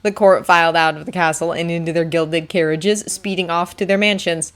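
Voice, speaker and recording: A woman's voice: lowish voice, steady tone, a little fast. Woman reading a fanfiction audiobook. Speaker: audiobook reader.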